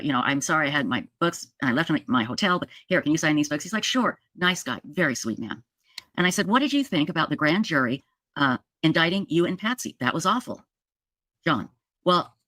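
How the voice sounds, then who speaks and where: A woman's voice: deep voice, a bit bright, no echo, clean studio sound. A middle-aged woman telling a story in a monologue, acting out the quoted dialogue with lots of animation. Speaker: true crime podcaster.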